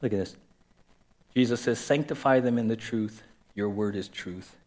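A man's voice: fairly low pitch, moderate pace, a little mellow. A man preaching a sermon as a pastor in a conversational way, repeating key phrases and acting out quoted voices.

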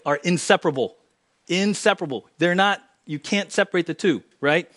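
A man preaching a sermon in church, swinging from loud emphatic lines to quiet, low asides. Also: normal speed. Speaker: pastor. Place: church sanctuary.

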